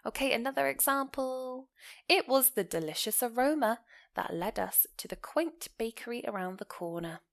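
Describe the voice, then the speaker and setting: Woman teacher, clear explanatory delivery, walks through grammar examples and quizzes the listener. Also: a little high, animated, moderate pace. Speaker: English teacher. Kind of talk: online grammar lesson.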